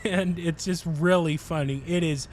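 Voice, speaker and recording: A male game streamer on a livestream, with a slightly high speaking voice. He rambles cheerfully through a story and laughs often as he talks. A faint hum sits behind his voice. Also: fairly even intonation, measured pace. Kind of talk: casual chat while livestreaming a game.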